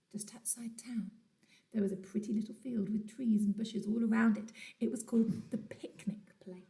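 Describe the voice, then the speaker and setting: A woman teacher reading a children's storybook aloud from home, telling it in an animated, dramatic way. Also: on the high side, normal speed. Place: at home during lockdown.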